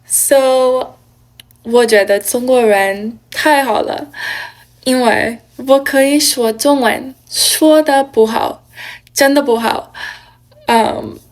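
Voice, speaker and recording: A woman whose first language is English, speaking slowly and carefully as a learner in a casual vlog. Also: high-pitched.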